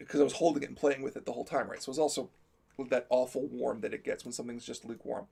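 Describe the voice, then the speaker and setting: A man's voice: medium pitch, steady tone, racing, gravelly, warm tone, breathy edge. A man telling a comic story as a live-stream co-host, talkative, laughing through it and acting out the quotes.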